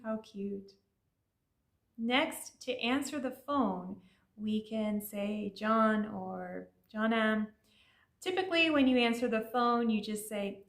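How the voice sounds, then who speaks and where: A woman's voice: medium pitch, a little slow, roomy sound. A woman teaching learners in a friendly, explanatory way, with casual fillers. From Iranian family. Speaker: language teacher.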